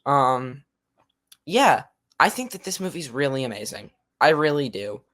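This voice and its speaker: A young man on a casual film podcast, mid-pitched and even. He hedges his opinions, piling on ums and qualifiers before he commits to a point. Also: a little slow. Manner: hedging, lots of ums and qualifiers. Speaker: podcast co-host.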